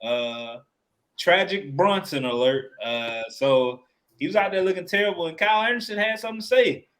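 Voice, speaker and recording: A man's voice: sits high, normal speed, fairly bright tone. A man co-hosting a casual sports podcast, profane and joking, laughing often. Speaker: podcast co-host.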